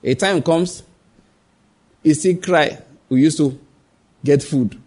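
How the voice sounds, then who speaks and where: Husky male preacher firing rhetorical questions. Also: on the high side, slow, darkish tone. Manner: acts out quoted voices. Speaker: pastor. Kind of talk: sermon.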